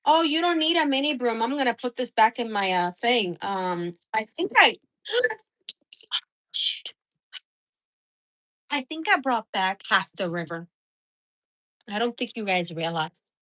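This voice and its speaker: A woman's voice: fairly high pitch, animated, moderate pace, fairly bright tone. A woman hosting a casual live stream, chatting and rambling through stories as she shows her gear.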